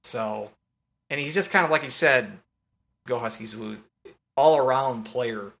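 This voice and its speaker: A man co-hosting a sports podcast, talking casually in halting, self-correcting bursts and cracking jokes. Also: mid-range voice, gravelly, fairly bright tone. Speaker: podcast co-host.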